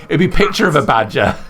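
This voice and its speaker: A man acting as game master, narrating scenes and joking with the players of a tabletop game. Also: fairly high pitch. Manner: lively, joking.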